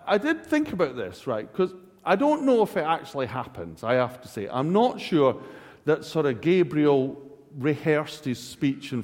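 A man preaching a humorous sermon in a church, with jokey asides. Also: fairly high pitch. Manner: jokey, animated, self-laughing asides. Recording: long church hall reverb.

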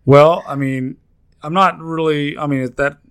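A man's voice: on the high side, steady tone, measured pace, fairly bright tone, smooth. Man ranting hotly on a sports podcast. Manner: heated, profane ranting with many restarts. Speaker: podcast co-host. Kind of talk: casual sports betting podcast chat.

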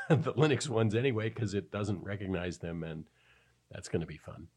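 Deep-voiced man chatting casually. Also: expressive, moderate pace, a little mellow, husky. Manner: rambling, conversational. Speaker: podcast co-host. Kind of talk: casual podcast chat.

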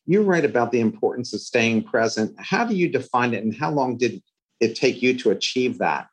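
A man from the Philadelphia area hosting an interview, relaxed and joking with his guest. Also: mid-range voice, normal speed, husky, poor audio. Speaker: podcast host. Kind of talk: interview conversation.

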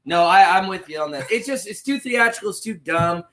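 A man's voice: high voice, animated, a little fast, crowd noise. A man co-hosting a podcast, talking bluntly in casual banter, laughing and swearing often. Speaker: podcast co-host.

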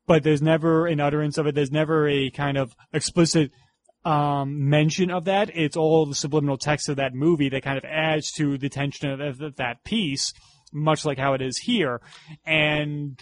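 New york guy on a movie podcast, slightly higher voice, rambles through trivia. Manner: rambling, trivia-heavy, hesitant restarts. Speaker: podcast co-host. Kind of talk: casual film review chat.

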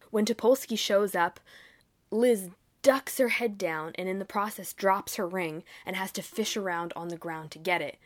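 A woman hosting a podcast, recapping a TV episode in a chatty way and acting out bits of dialogue. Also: mid-range voice. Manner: chatty, acts out dialogue in quick bursts. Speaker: podcast host.

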